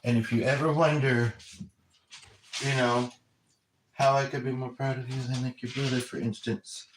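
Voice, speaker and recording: Earnest, rambling man, medium-pitched, off-mic in an echoey home room with faint background noise. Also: little pitch movement, moderate pace. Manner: rambling, self-interrupting, earnest. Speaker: spiritual medium relaying messages. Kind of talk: casual livestream chat. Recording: roomy echo, distant from mic, faint noise.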